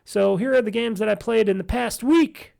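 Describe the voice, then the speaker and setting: A man's voice: high-pitched, normal speed, noisy background. A man hosting a casual solo gaming podcast, talking in a rambling way full of fillers and restarts, with a nasal, stuffy, tired voice. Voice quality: nasal, gravelly. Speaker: podcast host.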